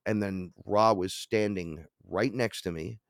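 A middle-aged man with a low voice tells a sprawling personal story as a podcast guest. He throws himself into the quoted voices, jumping up in pitch and loudness to act them out. The sound is dry and close to the mic. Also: measured pace, clear, resonant tone, no room sound. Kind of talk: animated storytelling.

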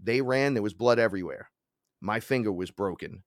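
A man, a podcast guest telling animated, profane stories and acting out the quotes. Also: fairly low pitch, normal speed, no echo, clean studio sound. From Bronx, New York. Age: 40s. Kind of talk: casual storytelling.

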